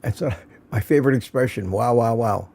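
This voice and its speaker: A man's voice: mid-range voice, fairly quick, vocal fry, mellow. Chatty man hosting a morning livestream. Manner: chatty, jokey, reads out viewer comments. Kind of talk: casual chat greeting live viewers. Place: home studio.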